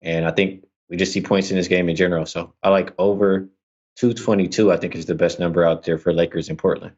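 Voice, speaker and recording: A man on a betting panel casually giving his pick, with a few halting restarts. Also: sits low, fairly even intonation, a little mellow, highs cut off. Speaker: sports handicapper panelist.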